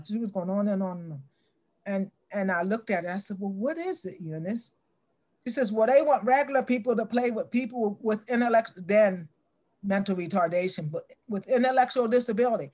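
A middle-aged woman telling a story in an interview, acting out the dialogue with lively shifts in voice. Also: mid-range voice, brisk.

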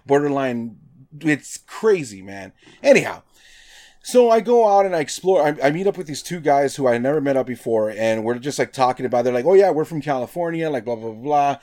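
Swearing and animated, a man from Nevada shares a story in casual chat, acting out quoted lines with plenty of "like." His voice is medium in pitch.

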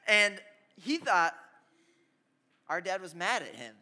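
A young man preaching a youth sermon, telling stories with lively asides and calling out to the audience. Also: high voice, measured pace, pauses often, background noise. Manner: energetic storytelling with audience call-outs. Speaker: youth pastor. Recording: hall reverb.

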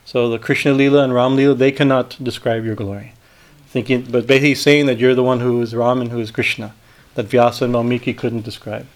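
A man, a swami, reading a spiritual text aloud and breaking off into halting commentary that often ends in a questioning "right?". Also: mid-range voice, steady tone. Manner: halting asides, frequent "right?" tags.

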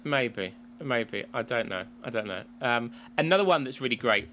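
A man's voice: medium pitch, animated, moderate pace, bright, forceful tone, slight background noise. A man from England co-hosting a casual chat podcast, rambling with restarts and frequent laughs. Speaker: podcast co-host.

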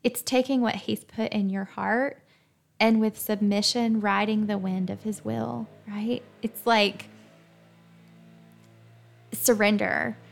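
A woman's voice: mid-range voice, slow, vocal fry, pauses often, faint music behind. A young woman hosting a devotional podcast, talking casually and emphatically and often checking in with "right?". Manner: lively, emphatic, chatty with frequent "right?" and "like". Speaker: faith podcast host.

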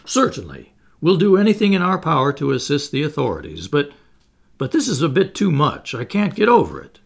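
A man playing a flustered old English gentleman. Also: a little high, sing-song, brisk, vocal fry, voice pushed up, full character voice. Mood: bewildered, jovial. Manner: hesitant, dazed, then hearty and nervously jovial.

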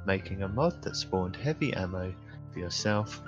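Calm British man over music. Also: sits low, moderate pace, muffled recording. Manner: calm, even reading voice. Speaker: podcast co-host. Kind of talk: casual gaming podcast chat and reading notes aloud. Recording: clear music playing behind.

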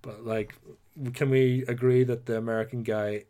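A man's voice: medium pitch, moderate pace. Chatty Northern Irish man. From Northern Ireland. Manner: chatty, animated storytelling with playful put-on voices. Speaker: podcast co-host. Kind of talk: casual chat.

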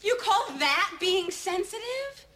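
A firm protective teacher. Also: female voice, extremely high pitch, very animated, slow pace, a bit bright, a little hiss or hum, full character voice. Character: protective woman school teacher, firm and indignant.

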